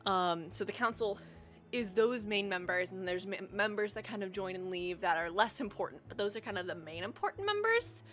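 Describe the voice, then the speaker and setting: A woman's voice: mid-range voice, expressive, moderate pace, a bit bright. Young woman streamer, casual rambling chat, faint music underneath. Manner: chatty, rambling, frequent ums. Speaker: livestream host.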